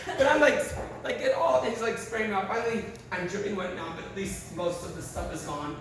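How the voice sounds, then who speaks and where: A man with a high voice performs a stand-up set in a live venue, heard from far off through a very echoey, noisy room. He tells crude stories with plenty of swearing and acts out every line of dialogue. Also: a little fast. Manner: profane, animated storytelling with acted-out quotes. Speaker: comedian.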